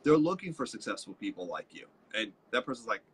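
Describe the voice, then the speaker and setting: A man co-hosting a live leadership show, telling stories with lively quoted voices. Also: medium pitch, quick pace, slightly rough. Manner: animated storytelling with quoted voices. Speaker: co-host, leadership trainer. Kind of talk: casual live-stream teaching.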